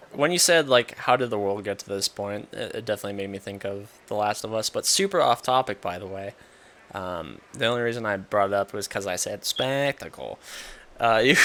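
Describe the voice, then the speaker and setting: A podcast co-host with a lowish, fairly bright voice chats casually about video games. He rambles, using lots of fillers and restarts.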